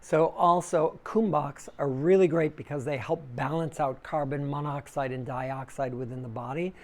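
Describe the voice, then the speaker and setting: A man's voice: steady tone, moderate pace. A man teaching yoga breathing to a small group in a room, casual and conversational, taking questions from listeners. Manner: casual and conversational, acts out inner voices loudly with big pitch jumps. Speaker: yoga teacher giving a dharma talk. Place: small room with a live audience.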